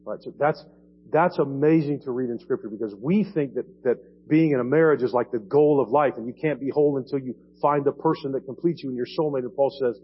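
A man's voice: mid-range voice, fairly quick, slightly rough, dull audio. A man preaching a sermon in a conversational way, often asking his listeners "right?" as he explains the passage. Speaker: pastor. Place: church sanctuary.

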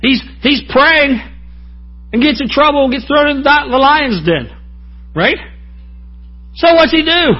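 A man's voice: extremely high pitch, expressive, a little slow, pauses often, muffled recording. A man preaching a sermon in a folksy, joking way, often calling out to the congregation for an amen. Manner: folksy, joking, asks the crowd for amens.

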